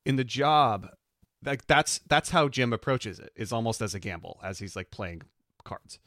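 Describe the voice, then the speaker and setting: This man co-hosts a podcast and chats casually, working through ideas with enthusiasm and an analytical eye. His medium-pitched voice has lively intonation, a moderate pace, and a fairly bright tone, captured in studio quality without echo.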